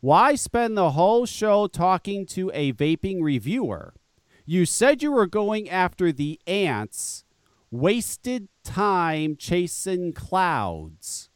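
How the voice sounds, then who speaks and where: A man hosts a live show and rants in an angry, mocking way, swearing often. His voice sits high and swings widely up and down. It sounds clear and dry, close to the mic. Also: big pitch swings, slow pace, no room sound. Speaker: podcast host. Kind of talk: profane ranting live show.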